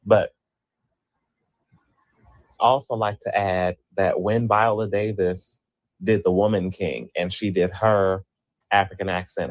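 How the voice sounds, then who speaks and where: A man's voice: deep voice, no echo. A man giving opinionated news commentary, emphatic and repeating his points. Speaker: co-host.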